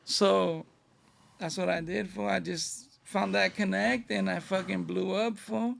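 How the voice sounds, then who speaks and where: La guy, middle-aged, raspy fry all over, high-ish voice, telling stories w/ lots of slang. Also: measured pace, slight background noise. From Northeast Los Angeles. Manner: animated street-slang storyteller, acting out dialogue. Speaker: guest. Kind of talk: casual storytelling interview.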